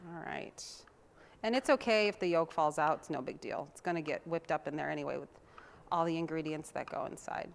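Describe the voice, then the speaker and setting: A woman's voice: sits low, fairly quick, vocal fry. A young woman hosting a TV cooking show, chatting in a homey way while she chops and mixes. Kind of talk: casual cooking demonstration.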